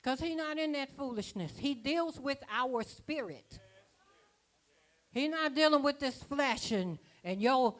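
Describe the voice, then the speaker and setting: A woman's voice: sits high, lively intonation, a little slow. Woman preaching in folksy rhythms. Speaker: apostle preaching. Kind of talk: sermon. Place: church conference.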